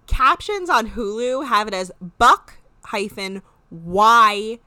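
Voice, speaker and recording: Bright-voiced woman recapping with gusto. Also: mid-range voice, takes it slowly, dry recording. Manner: animated, swears freely, acts out quoted lines. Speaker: podcast co-host. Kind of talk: casual chat recapping a reality show.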